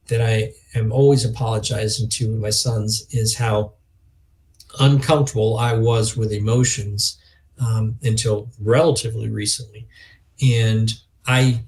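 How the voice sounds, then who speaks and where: Earnest middle-aged man with gravelly voice. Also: lowish voice, fairly even intonation, a little mellow, a little hiss or hum. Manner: earnest, reflective, quick to emotion, acts out quoted dialogue. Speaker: guest, youth organization leader. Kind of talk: conversational podcast interview.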